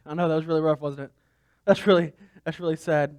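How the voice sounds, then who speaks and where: A man's voice: a little high, level tone, fairly quick, darkish tone, dry recording. Man preaching with rhetorical questions. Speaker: pastor. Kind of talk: sermon.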